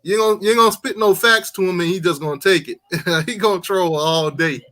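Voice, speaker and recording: A man's voice: high-pitched, brisk, sharp tone. A man hosting a casual sports live stream, reading out donations and chatting in a laid-back way, laughing easily.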